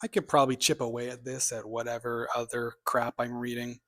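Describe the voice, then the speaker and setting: A man's voice: medium pitch, little pitch movement, fairly quick, a bit bright. A man chats casually through his bookshelf in a mid-range voice. He is opinionated and rambling, tossing in offhand asides and sometimes dropping to a mutter for side remarks. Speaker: booktube vlogger.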